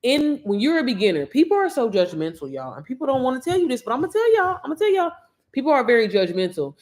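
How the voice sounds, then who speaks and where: A woman coaching viewers in a casual livestream. She talks in a chatty, slangy way, speaks straight to her audience, and her pitch and loudness swing often. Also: sing-song, fast. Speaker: online business coach.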